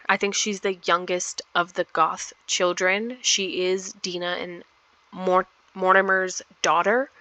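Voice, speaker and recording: A woman's voice: mid-range voice, pushed and bright, no echo. A woman casually talking through her life-simulation gameplay, rambling with many fillers. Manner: chatty, rambling with many ums. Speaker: gameplay vlogger. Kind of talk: casual game commentary.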